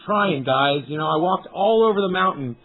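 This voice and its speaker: A man's voice: high-pitched, animated, moderate pace. Rambling man live-streaming on a tinny phone. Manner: rambling, profane, talks to chat viewers. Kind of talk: casual live-stream chat. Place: outdoors up on a mountain. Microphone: cell phone.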